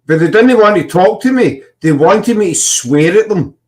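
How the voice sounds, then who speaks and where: A man's voice: sits high, lively intonation, moderate pace. A man with a Scottish accent, hosting a casual chat and telling rambling stories full of fillers and restarts. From Scotland. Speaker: podcast host.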